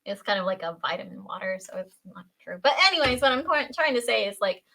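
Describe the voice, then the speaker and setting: A woman's voice: mid-range voice, lively intonation, vocal fry, pushed and bright. A woman who is a parent, chatting as a podcast guest and playfully acting out quoted lines in silly voices. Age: adult, a parent. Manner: chatty, quick to act out quotes in funny voices. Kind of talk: casual chat.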